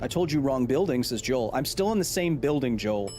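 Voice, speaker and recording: A man in his thirties talks his way through a live video game stream, mixing casual science explanations with chatter. He reads viewer comments aloud and answers them in a relaxed, mid-pitched voice. Faint music plays underneath. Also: fairly quick.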